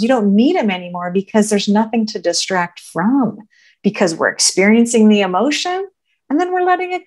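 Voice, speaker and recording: A woman podcast guest in conversational teaching mode, reflective and gentle, who often voices imagined inner thoughts and checks in with "right?". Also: medium pitch.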